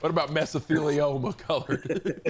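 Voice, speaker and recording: A young man streaming a game, talking fast and excitably while joking with a friend. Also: a little high, slightly rough. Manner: excitable, rapid-fire, joking. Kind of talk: casual gaming chat.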